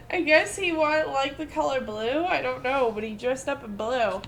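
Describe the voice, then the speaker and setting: A woman in her twenties chatting casually, telling lively stories full of fillers and quoted voices. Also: high voice, slow, reverberant, a little hiss or hum. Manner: animated storytelling with many fillers and quoted voices. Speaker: storyteller in casual chat. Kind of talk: casual chat.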